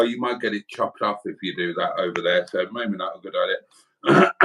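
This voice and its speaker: Man co-host, middle pitch, very expressive, wry and jokey. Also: poor audio. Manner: jovial, wry, chatty. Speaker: livestream co-host. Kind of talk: casual chat reading viewer comments. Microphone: home livestream setup.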